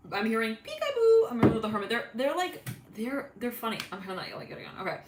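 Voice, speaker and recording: A woman's voice: on the high side, racing, reverberant, heavy background noise. Rambling, giggly woman reading tarot. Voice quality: giggly, rambling with many fillers. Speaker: tarot reader. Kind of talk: casual intuitive reading.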